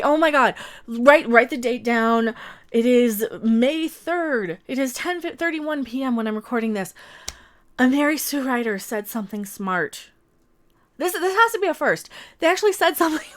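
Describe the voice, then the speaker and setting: A woman with a high-pitched voice tears into an article as an online commentator. She sounds mocking and sarcastic, swears freely and throws in exaggerated exclamations. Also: fairly bright tone. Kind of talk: sarcastic reaction rant.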